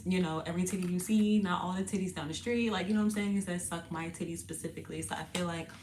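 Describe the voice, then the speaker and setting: A woman hosts a casual tarot reading, talking in loose, slangy chat and laughing often. Her voice sits a little low and sounds a bit parched and husky. A faint hiss of background noise runs under her. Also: steady tone, quick pace, darkish tone. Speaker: tarot reader and channel host. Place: indoors, sitting on the floor.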